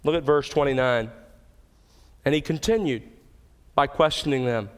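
A man's voice: mid-range voice, normal speed, smooth. A man preaching an expository sermon as pastor, stressing key words with emphasis. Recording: hall with long reverb.

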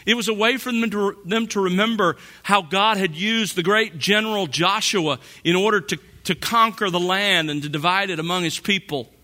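A man preaching a sermon, slow and deliberate, drawing out key phrases for emphasis. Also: high voice, sharp tone. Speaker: pastor.

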